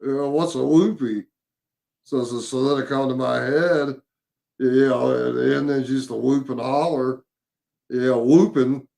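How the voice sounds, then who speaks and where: A man, casually recounting a paranormal investigation, halting with many fillers and repeated words. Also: medium pitch, little pitch movement, creaky, a little mellow. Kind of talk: casual storytelling chat.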